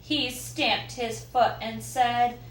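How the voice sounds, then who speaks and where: Slow, expressive woman reading to kids. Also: fairly high pitch. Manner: slow, expressive, asks listeners questions. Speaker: children's story reader. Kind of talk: picture book read-aloud. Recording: roomy echo, faint background noise.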